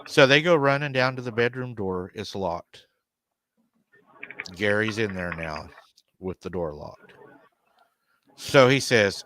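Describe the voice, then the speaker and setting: A man's voice: lowish voice, lively intonation, slow pace, long pauses, a bit bright. A man hosting a live paranormal stream, retelling a family's story and quoting the people in it. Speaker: paranormal show host.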